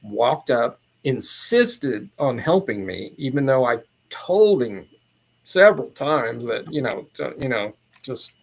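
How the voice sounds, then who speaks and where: A man of ordinary pitch talks as a podcast guest. He tells his story in a loose, casual way. He drifts and circles back but stays animated throughout. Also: unhurried, vocal fry, husky. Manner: meandering, animated retelling.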